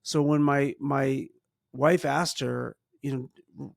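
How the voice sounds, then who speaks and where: A middle-aged man with a gravelly, fry-laced voice, recorded close and dry. He gives earnest parenting advice in casual conversation. He often restarts sentences and slows down to stress his point. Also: medium pitch, fairly even intonation, no echo. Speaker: podcast co-host, parent.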